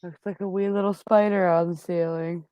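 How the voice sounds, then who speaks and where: A woman's voice: on the low side, fairly even intonation, a little fast, smooth, no echo, dull audio. A woman hosting a casual live chat, giggly and teasing. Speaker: live stream host.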